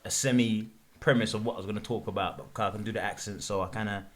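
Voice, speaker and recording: A young man, a podcast guest telling a lively story in casual chat. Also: on the low side, quick pace. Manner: animated storytelling, quotes himself, lots of "you know what I'm saying".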